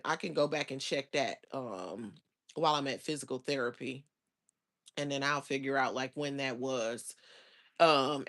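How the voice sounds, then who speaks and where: A woman hosting a casual livestream, chatting and rambling with her viewers in loose slang, now and then breaking into loud exasperated outbursts. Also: sits low, vocal fry. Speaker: livestream host.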